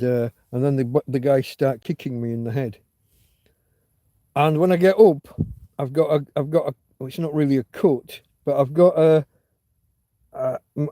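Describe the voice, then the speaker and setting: A man hosts an unstructured livestream, meandering through a story with frequent false starts and fillers. His voice sits a touch high but sounds warm and relaxed. The recording is dry and close, with little room sound. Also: dry recording. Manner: candid, swears casually. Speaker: livestream host. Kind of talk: rambling casual chat.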